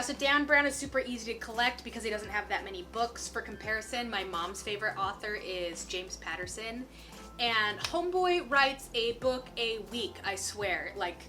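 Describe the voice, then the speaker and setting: A woman's voice: a little high, sharp tone. A woman in her twenties chatting casually as a lifestyle vlogger, bubbly and full of "like". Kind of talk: casual chat.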